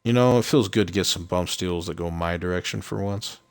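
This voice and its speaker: A man casually commenting on his own gameplay as a streamer, rambling and relaxed, with many ums and uhs. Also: deep voice, a little fast.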